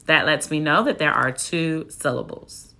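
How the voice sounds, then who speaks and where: A woman teaching a phonics spelling lesson, with a low-pitched voice. She speaks slowly and deliberately, spelling words out letter by letter and counting syllables. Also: sharp tone. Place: classroom.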